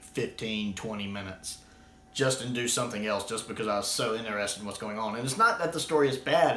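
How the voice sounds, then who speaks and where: With a medium-pitched, slightly bright voice, an American video reviewer talks through a casual, rambling review. He restarts his sentences often and leans on fillers, and the room gives the audio an echo.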